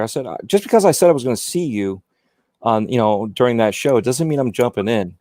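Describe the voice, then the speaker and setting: A man's voice: medium pitch, expressive, fast, mellow, no echo, clean studio sound. A man talking as a guest on a casual podcast, rambling and repeating himself with many "you know"s. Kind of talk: casual chat.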